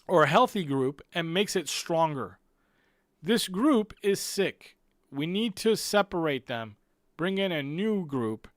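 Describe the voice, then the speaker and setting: A man's voice: fairly high pitch, a bit bright, dry recording, clean studio sound. A man hosting a live-stream football fan show, talking emphatically, repeating his points and speaking straight to viewers. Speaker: football channel host.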